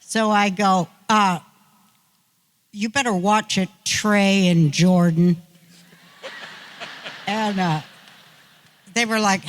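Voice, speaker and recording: Older woman, interview guest: slow drawl, bright sharp voice, meandering folksy anecdotes. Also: medium pitch. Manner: drawn-out, folksy, self-mocking. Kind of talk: rambling anecdotal storytelling.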